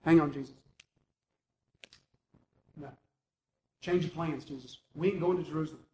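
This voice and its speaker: A man preaching who speaks as the disciple Peter, a protective grown man, hushed and insistent. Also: fairly high pitch, normal speed, roomy sound, slight background noise, close to an everyday voice, poor audio.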